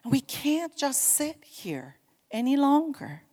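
A woman's voice: high-pitched, slow pace. Woman preaching in a reverberant church. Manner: animated storytelling, rising to emphatic exhortation. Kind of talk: sermon. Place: church sanctuary.

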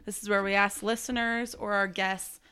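A woman hosting a podcast in a playful, teasing, casual way, quick to laugh. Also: mid-range voice, flat delivery, sharp tone, slight background noise. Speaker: podcast host. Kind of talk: casual chat.

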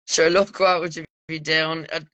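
Lady hosting a live stream, bright and gushy, cursing. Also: deep voice, level tone, moderate pace. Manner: gushing, swears freely. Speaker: podcast host. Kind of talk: live stream chat, reading comments.

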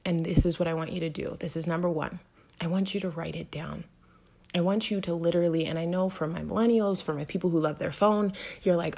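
An earnest woman in her thirties talks her listeners through hard seasons of life, direct and encouraging. Her fairly low voice is gravelly and husky, with lots of fry. She often sinks into a near whisper to make a point. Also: fairly even intonation, normal speed, a little mellow. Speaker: motivational podcast host. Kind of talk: encouraging self-help talk.

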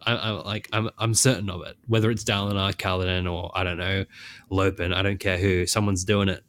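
Laughing, animated male podcast co-host. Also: low-pitched, fairly quick, a little hiss or hum. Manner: animated, laughs often, acts out characters' lines. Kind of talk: casual podcast chat.

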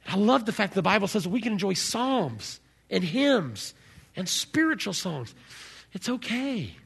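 A man preaching a sermon as pastor, animated, swinging from soft to loud. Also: high-pitched, gravelly, slightly rough.

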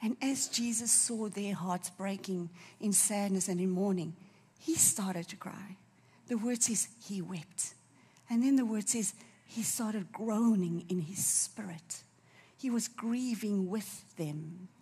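A woman preaching a sermon, fervent and emotional, dropping to a soft near-whisper at tender moments. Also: medium pitch, a little slow, slightly rough.

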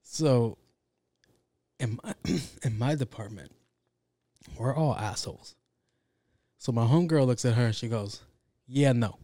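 Brief: young New guy, cursing slangy storyteller, mid-pitch, dry close sound. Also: unhurried, pauses often, dry recording. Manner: profane, slangy, animated with acted quotes. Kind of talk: casual chat, telling a work story.

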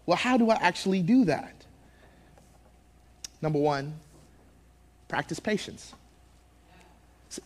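A young man preaching a sermon to his church as pastor, animated, swinging from hushed asides to loud, excited bursts and laughing at himself. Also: high voice.

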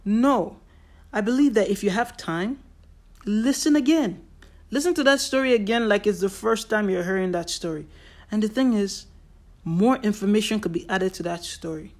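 A solo podcast host delivers an earnest motivational monologue straight to listeners at normal speed, emphatically repeating key phrases about a point they care about. Their middle-pitched voice falls between typical male and female ranges, and they briefly act out quoted remarks.

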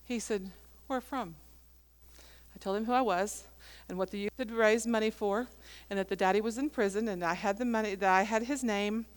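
A woman's voice: mid-range voice, normal speed, clear, resonant tone. A woman pastor preaching a sermon, telling a story and acting out the dialogue.

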